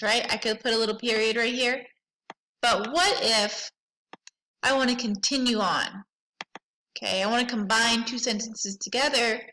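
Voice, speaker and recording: Bright, upbeat woman librarian teaching kids. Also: a little high, rough recording. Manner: upbeat, teacherly, stretches example sentences slowly. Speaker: school librarian. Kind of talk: children's lesson.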